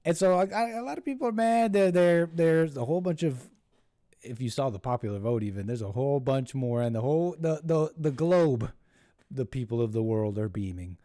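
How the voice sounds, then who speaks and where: With a warm, medium-pitched voice captured cleanly in the studio without echo, this American call-in show host delivers a meandering, derisive monologue. When quoting people he mimics them in silly voices, and his delivery stumbles along with many restarts and bursts of laughter.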